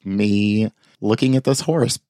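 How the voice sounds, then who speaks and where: A man with a fairly low voice rambles through stories on a podcast, breaking into laughs as he goes. The sound is dry and close, with no room around him. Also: fairly even intonation, slow pace, dark tone, no room sound. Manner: laughs often, tells loose anecdotes with restarts. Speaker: podcast co-host. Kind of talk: casual chat.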